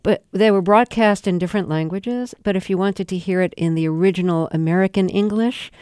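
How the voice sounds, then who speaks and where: A radio interviewer with a smooth, clear voice, recorded dry and close. The questions come at a measured, conversational pace. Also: medium pitch, darkish tone, dry recording.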